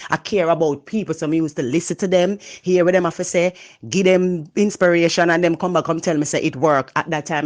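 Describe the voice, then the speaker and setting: A Jamaican woman giving a passionate motivational talk, loud and expressive, mixing patois into her English. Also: deep voice. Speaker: motivational speaker. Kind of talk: motivational monologue.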